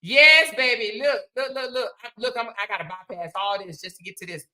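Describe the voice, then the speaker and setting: Chatty bright-voiced woman livestreaming. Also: on the high side, fairly quick, poor audio. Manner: chatty, reads and thanks viewers' comments. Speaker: livestream host. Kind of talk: casual livestream chat reading comments.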